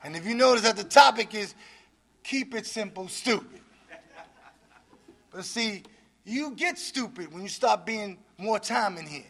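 A man sharing his recovery story at an addicts' meeting in a preachy style, often shouting for emphasis and laughing between points. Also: high voice, expressive, measured pace, long pauses. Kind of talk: recovery testimony.

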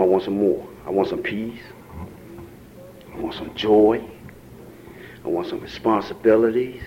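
A man with a Baltimore accent speaking at a recovery meeting, preaching about hope and rising to shouts near tears. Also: fairly low pitch, dull audio, a little hiss or hum. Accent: African American Vernacular English, Baltimore. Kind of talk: impassioned testimony. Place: meeting room.

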